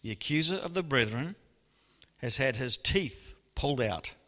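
A man preaching a sermon in a church hall, lively and animated, often laughing and acting out voices. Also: mid-range voice, moderate pace. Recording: long hall reverb.

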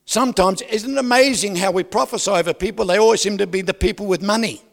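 High-voiced man preaching in an echoey hall. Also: fast talker, creaky. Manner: animated preaching with rhetorical questions, swinging from loud to soft. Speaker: pastor. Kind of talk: sermon. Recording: reverberant hall.

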